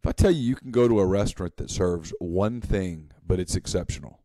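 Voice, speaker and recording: A man's voice: low-pitched, expressive, fairly quick, warm tone, no room sound, poor audio. A man co-hosting a casual sports talk show, acting out little scenes in quoted voices.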